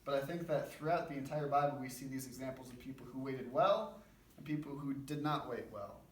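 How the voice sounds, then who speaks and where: A man's voice: medium pitch, brisk. A young man giving an informal, conversational sermon at a church men's breakfast, with a self-deprecating manner. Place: church gathering room. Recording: roomy, distant mic, faint background noise.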